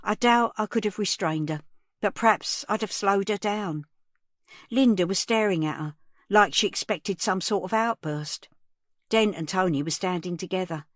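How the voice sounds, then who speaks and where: A woman's voice: mid-range voice, normal speed, no room sound, clean studio sound. A woman reading a first-person audiobook, narrating as the story's teller. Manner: plain storytelling.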